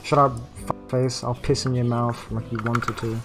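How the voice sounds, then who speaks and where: A man streaming a video game, muttering about his play and bursting into frustrated shouting and swearing. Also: medium pitch, flat delivery, moderate pace, music in the background. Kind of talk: live game commentary.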